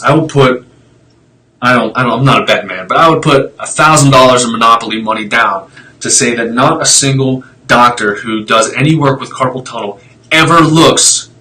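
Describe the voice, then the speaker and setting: A man's voice: mid-range voice, bright, forceful tone, rough recording. A man talking casually on a live stream, explaining x-rays in a blunt, fired-up way, with tangents and mild swearing. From Italian heritage.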